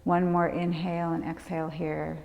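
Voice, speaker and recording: A woman leading a prenatal yoga class, giving calm, gentle movement and breath cues. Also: on the low side, moderate pace, vocal fry, lo-fi sound. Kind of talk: guided yoga class instruction. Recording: long hall reverb.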